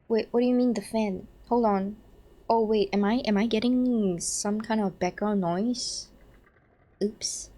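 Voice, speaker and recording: A young woman streaming a game, chatting casually, excitable, swearing and laughing at her own mistakes. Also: mid-range voice, measured pace.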